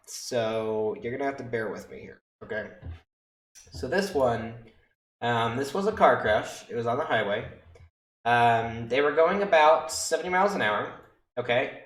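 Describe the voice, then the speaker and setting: Brief: young man streaming, loose and swearing, mid-pitched, echoey room. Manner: rambling and profane, checks in with "okay?" and "right?". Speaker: EMS worker telling stories on stream. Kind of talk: casual storytelling on a livestream.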